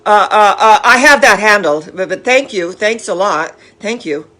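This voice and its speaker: A woman preacher voicing a hostile man on the phone, loud and defensive, stammering when caught off guard. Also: mid-range voice, animated, moderate pace, voice pushed up. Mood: flustered. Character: gruff hostile middle-aged man on the phone.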